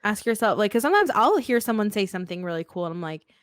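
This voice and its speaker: Woman guest, life coach, loud, fast and blunt, dry close sound. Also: medium pitch, big pitch swings, no echo. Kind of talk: casual chat.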